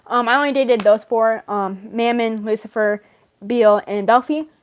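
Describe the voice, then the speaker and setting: Woman rambling in character, bright high voice. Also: steady tone, moderate pace. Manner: rambling, fills talk with "like", laughs often. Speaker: fan role-player in character. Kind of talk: rambling in-character story chat.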